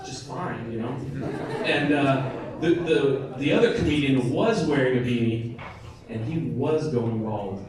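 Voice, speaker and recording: An American man performing a stand-up comedy set at a bar comedy night, chatting with and teasing the crowd. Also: a little high. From United States. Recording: echoey room, mic from a distance, crowd laughing.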